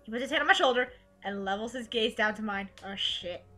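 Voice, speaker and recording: Bright-voiced woman narrating a game. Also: on the high side, a little fast, faint music behind. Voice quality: animated, joking. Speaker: let's play host. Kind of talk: casual chat while narrating a game.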